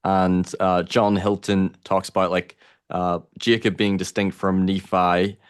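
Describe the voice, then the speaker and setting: Low, flat-voiced male host, asks rambling, hesitant questions. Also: unhurried, smooth. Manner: hesitant, question-asking, many fillers. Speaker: podcast host. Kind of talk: casual interview.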